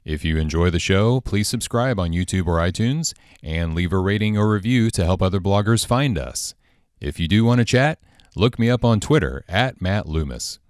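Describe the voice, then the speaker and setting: A man's voice: low voice, animated, moderate pace, a little mellow, no echo, soft background music. A man hosting a podcast, upbeat and informal as he wraps up the interview and signs off. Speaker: podcast host.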